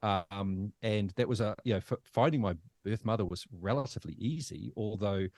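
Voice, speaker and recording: A New Zealand man in his fifties, a podcast guest telling his own story in a halting, emotional way with many restarts. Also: fairly low pitch, darkish tone, dry recording. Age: 50s. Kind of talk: personal storytelling.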